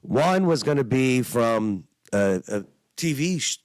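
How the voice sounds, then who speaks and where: A man's voice: mid-range voice, lively intonation, slow pace, no room sound, studio quality. A middle-aged man, an Army veteran telling a personal war story in an earnest, emphatic way, full of fillers.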